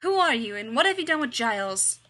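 A woman's voice: a little high, lively intonation, moderate pace, pushed and bright, slightly rough, full character voice. A woman reading the lines of a blunt, tough teenage girl who fights monsters, in a defiant way.

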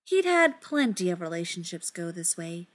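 A woman reading a story aloud in an unhurried, expressive way. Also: on the low side. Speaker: audiobook reader. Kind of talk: fan fiction reading.

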